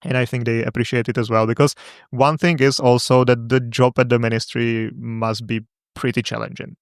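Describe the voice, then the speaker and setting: A man co-hosting a podcast in casual chat, talking in a measured, hesitant way with frequent fillers. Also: medium pitch, level tone, no echo, clean studio sound. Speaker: podcast co-host.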